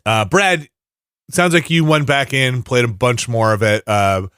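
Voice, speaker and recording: A man's voice: medium pitch, unhurried, fairly bright tone, clear, resonant tone, dry recording, studio quality. A man hosting a casual podcast, telling rambling stories with many restarts. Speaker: podcast host.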